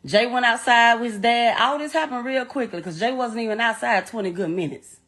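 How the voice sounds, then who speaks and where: A middle-aged woman, a bereaved mother, retells a painful story bluntly and emotionally in raw first person, swearing often and repeating herself. Her voice is fairly high, brisk and a bit bright.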